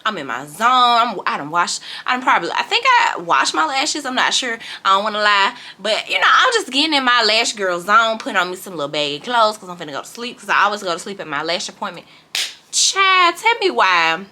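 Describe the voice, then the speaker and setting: Animated woman vlogger, bright voice. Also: medium pitch, fairly quick. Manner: animated and dramatic, addresses viewers as y'all. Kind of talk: casual storytime chat.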